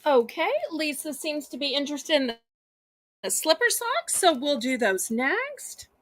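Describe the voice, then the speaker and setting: A woman's voice: high-pitched, sing-song, measured pace, a bit bright, no echo. Bubbly Southern woman auctioneer. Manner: sweet, chatty salesy patter addressing viewers as y'all. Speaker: live auction host. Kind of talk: live home-shopping auction.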